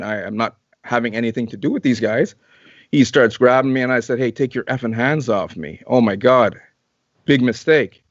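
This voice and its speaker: A man from Canada talks through a personal story in an animated, rambling way, often repeating words and restarting sentences. His voice sits at a middle pitch. The recording is dull and dry, with no room echo. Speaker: interview guest. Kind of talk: casual storytelling.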